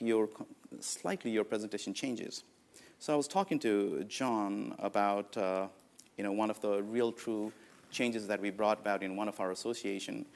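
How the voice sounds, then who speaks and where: A man in his forties from Nepal, with a Nepali accent, giving a conference keynote in an anecdotal, lively way with many "uh, you know" fillers. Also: medium pitch. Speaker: conference speaker.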